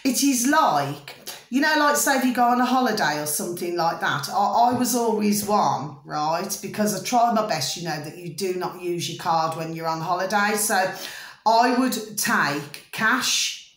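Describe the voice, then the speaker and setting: A woman's voice: mid-range voice, expressive, moderate pace, fairly bright tone, echoey room. A middle-aged British woman chatting in a rambling way to her viewers, often checking that they follow her. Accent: British English. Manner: chatty, repeats "do you see what I mean?" and "ding ding". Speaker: vlogger. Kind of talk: rambling casual monologue to camera.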